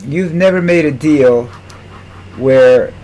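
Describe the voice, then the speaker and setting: A man giving casual political commentary in a vlog, rambling and sarcastic, with scornful asides and frequent halting restarts. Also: on the high side, mellow.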